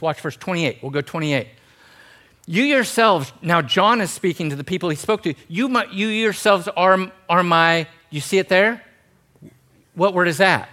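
A man in his forties preaching a sermon as pastor, animated and acting out quoted voices, with joking, self-deprecating asides. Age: 40s. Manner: animated, acts out quoted voices with big pitch jumps. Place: church sanctuary.

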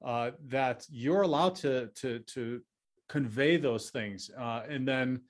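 A man's voice: medium pitch, takes it slowly. A man hosting an advice podcast, speaking earnestly and reassuringly, with many fillers and restarts. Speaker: podcast host.

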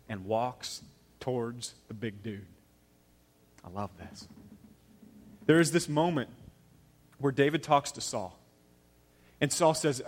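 A man preaching a sermon, telling a story with dramatic swings from loud to hushed and acting out the characters' lines. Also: medium pitch. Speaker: pastor.

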